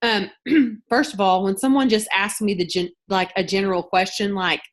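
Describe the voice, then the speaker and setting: A woman's voice: mid-range voice, steady tone, moderate pace. A woman who hosts a sales team's video call and talks in a loose, storytelling way, full of restarts and filler words. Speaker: team leader hosting a sales call. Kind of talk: casual talk on a group video call.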